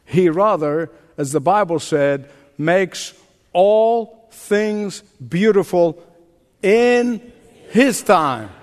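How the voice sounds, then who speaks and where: An older man preaches a sermon as a pastor, his voice high, expressive and very slow. He speaks emphatically and draws responses from the congregation, with the long reverb of a large hall around him.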